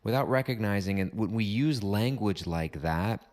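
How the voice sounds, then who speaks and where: A man hosting a reflective solo podcast, talking calmly and deliberately in repeated parallel phrases. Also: fairly low pitch. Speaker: podcast host.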